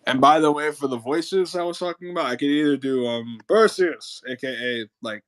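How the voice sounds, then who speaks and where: A young man hosting a casual livestream chat, animated and joking, with quick protests. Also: mid-range voice. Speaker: livestream host and voice actor.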